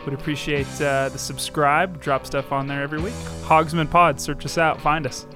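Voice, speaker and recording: A man's voice: fairly high pitch, flat delivery, normal speed, over music. A man reading podcast plugs from a distance from the mic.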